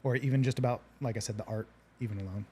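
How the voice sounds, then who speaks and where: A man hosting a relaxed interview, earnest and reflective, often restarting his sentences. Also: medium pitch, racing, slight background noise. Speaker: podcast host. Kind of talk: casual interview chat.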